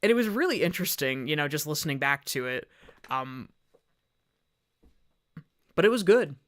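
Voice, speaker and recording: A woman's voice: low-pitched, big pitch swings, normal speed. A woman voice actor chatting casually on an art stream, telling rambling stories. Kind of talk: casual chat while drawing on stream.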